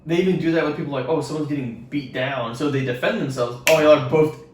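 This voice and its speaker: Heard from a distance in an echoey, noisy room, a young podcast co-host with a fairly high voice speaks quickly. In casual chat, he gives rambling, profane, animated retellings of his stories.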